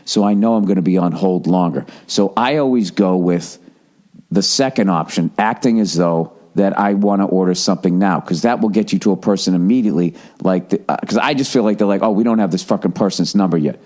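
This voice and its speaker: A man's voice: low voice, brisk, a little mellow. A man in his forties hosting a podcast, telling a long exasperated story in a casual, profane monologue. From Massachusetts. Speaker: podcast host.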